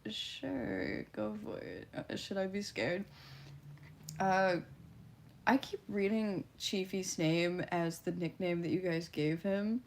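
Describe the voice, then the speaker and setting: A young woman chats on a live stream, unhurried and easygoing, with an ordinary mid pitch. She reads viewer comments aloud and answers them in a teasing, giggly way. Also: vocal fry, a little hiss or hum. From Canada. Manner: giggly, teasing, often laughing between lines. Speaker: livestreamer.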